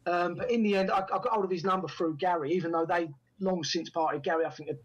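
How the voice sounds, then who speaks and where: Fast-talking husky-voiced man. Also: high-pitched, highs cut off. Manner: animated anecdotes, acts out quoted dialogue. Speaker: actor and writer guest. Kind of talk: storytelling in a podcast interview.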